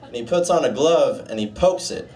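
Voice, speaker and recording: Young stand-up comic, deadpan delivery, average pitch, recorded slightly distant in a small bar. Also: male voice, moderate pace. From United States. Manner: deadpan, dark jokes, puts on a gruff low voice for the doctor. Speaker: stand-up comedian. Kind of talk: stand-up set at open mic.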